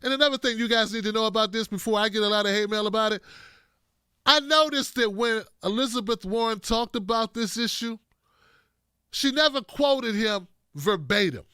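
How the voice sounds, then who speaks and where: A man with a high, bright, ringing voice delivers blunt, profane political commentary. He talks straight to his viewers and hammers his points home. The sound is close and dry, with no room around it. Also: normal speed, clean tone, no room sound.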